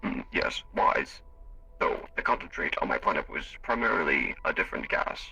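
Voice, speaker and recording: A man voicing a formal augmented alien with servos, speaking in a measured, clipped way in a live role-play. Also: rumbling low, big pitch swings, vocal fry, pushed and bright, breathy edge, highs cut off, heavily acted. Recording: distant mic with faint music.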